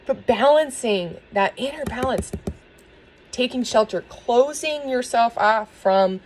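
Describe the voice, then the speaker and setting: A woman giving a spiritual tarot reading and talking earnestly to her viewers, soft and emotional, with small laughs. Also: on the high side, animated, slow, a little hiss or hum, poor audio. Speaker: tarot reader.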